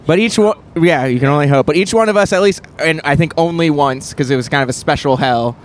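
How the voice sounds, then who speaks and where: A man's voice: on the high side, fast. A man in a band chatting casually in a laid-back, jokey way, full of "yeah, yeah". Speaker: band member. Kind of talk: casual chat. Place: inside a moving van. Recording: faint road noise in a van.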